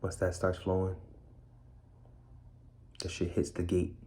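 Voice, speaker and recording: A man's voice: deep voice, monotone, slow pace, warm tone. A man speaking bluntly and candidly in a streetwise way, repeating key phrases. He is indoors in a room of a borrowed house. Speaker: speaker sharing his story. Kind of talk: candid personal talk.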